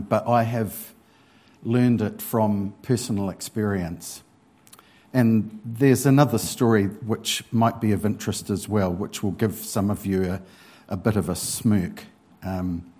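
A man preaching a church sermon, unhurried and hesitant, with frequent pauses and ums. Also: lowish voice, mellow, breathy edge.

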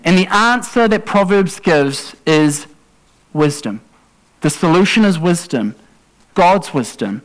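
A man's voice: sits high, lively intonation, takes it slowly, rough recording. A man preaching a sermon to a congregation in a conversational way, with asides and self-corrections. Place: church congregation.

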